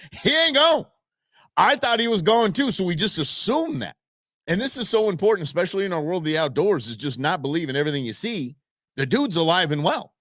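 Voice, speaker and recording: A man hosting a live show, talking casually and excitably over video clips and speaking to viewers by name. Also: a little high, dry recording, studio quality. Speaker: host.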